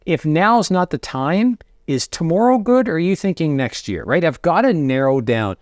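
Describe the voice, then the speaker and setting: A middle-aged man coaching sales to camera, conversational and energetic, acting out sample lines to prospects. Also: on the high side, normal speed, dry recording, clean studio sound. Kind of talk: direct-to-camera coaching talk.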